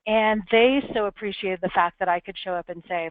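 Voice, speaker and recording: A woman's voice: medium pitch, fairly quick, hardly any pauses, smooth, no echo. A woman giving a candid, earnest talk as a webinar speaker, telling a personal story. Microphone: webinar call audio. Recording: tinny phone-like webinar audio, dry.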